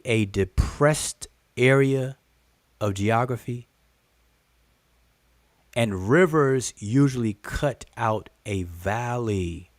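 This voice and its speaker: Fairly low-pitched and free of echo, this man teaches on a live stream, addressing viewers head-on with repeated points and direct questions. His manner is animated and repetitive, with cries of "look, look" and talk of "y'all" and "family."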